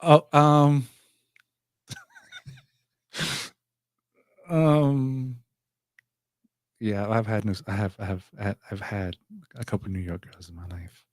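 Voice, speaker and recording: A man's voice: fairly low pitch, steady tone, takes it slowly, long pauses, dry recording. A man who works as a DJ, co-hosting a casual stream in a laid-back, playful way. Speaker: DJ and co-host. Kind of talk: casual chat.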